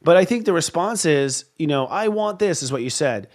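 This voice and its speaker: A man's voice: a little high, expressive, brisk. Candid man in his fifties, talk host. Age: 50s. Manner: candid, confessional and emphatic. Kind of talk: casual spiritual talk show chat.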